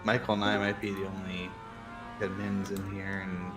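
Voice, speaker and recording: Low-voiced man chatting over music. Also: monotone, normal speed. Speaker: league admin. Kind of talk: casual chat.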